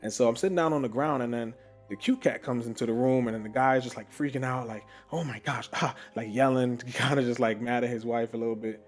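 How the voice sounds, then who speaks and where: A man hosting a podcast, telling a story in an animated, casual way, with frequent laughs and many fillers. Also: mid-range voice, fast talker, faint music behind. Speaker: podcast host.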